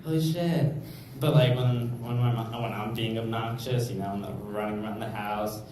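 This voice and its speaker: A young comic rambles through a club set, packing it with fillers, in a medium-pitched, darkish voice that stays steady at normal speed. The recording comes from a distant mic in an echoey room with plenty of noise.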